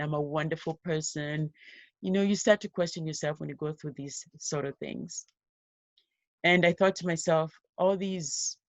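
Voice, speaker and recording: A woman guest on a podcast, earnestly retelling a personal story in a steady voice with emphatic rises. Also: deep voice, no echo, lo-fi sound.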